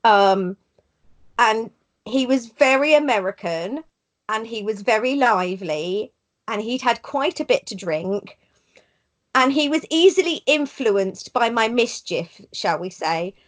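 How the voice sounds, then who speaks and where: A woman co-hosting a podcast, her voice sitting a little high. She chats loosely and spins mischievous anecdotes in casual banter. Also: expressive, measured pace. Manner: chatty, mischievous storyteller. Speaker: podcast co-host.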